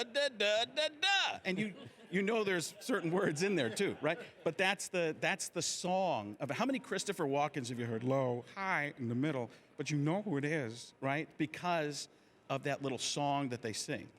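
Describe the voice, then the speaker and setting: A man, a comedian guest in casual talk show chat, animated and slipping into voices mid-sentence. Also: fairly high pitch.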